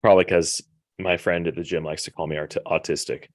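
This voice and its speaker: Very deep-voiced, laid-back man. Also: level tone, a little fast, no room sound. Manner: laid-back, profane, matter-of-fact. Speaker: podcast co-host. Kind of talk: casual chat.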